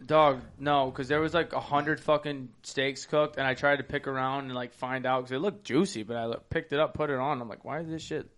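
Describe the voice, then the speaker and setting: A man's voice: medium pitch, steady tone, a little fast, few pauses, fairly bright tone. A young man telling long, profane, rambling stories while co-hosting a casual chat. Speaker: podcast co-host.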